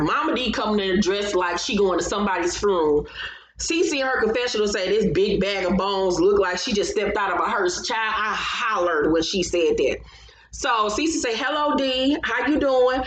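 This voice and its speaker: A woman's voice: mid-range voice, a bit bright. A woman hosting her channel, recapping a reality show in casual commentary, blunt and profane, with frequent laughter. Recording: roomy echo.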